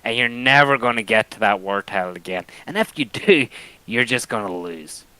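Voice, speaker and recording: Bright-voiced man trash-talking rivals. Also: on the low side, expressive, moderate pace, clear, resonant tone, no room sound, rough recording. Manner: taunting and mocking, swearing often. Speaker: wrestler cutting a promo. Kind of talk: trash-talking wrestling promo.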